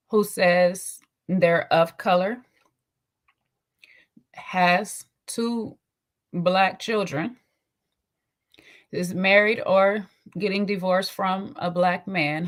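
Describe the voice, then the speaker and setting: A woman hosting a casual livestream, sassy and chatty, greeting viewers by name and tagging sentences with "okay?". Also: fairly low pitch. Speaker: livestream host.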